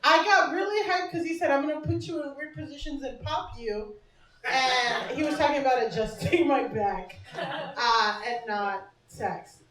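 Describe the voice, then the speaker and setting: A woman with a high voice does stand-up in a small bar, speaking at a moderate pace from well back of the mic. She's brash and conversational and laughs at her own jokes, while the echoey room fills with audience laughter.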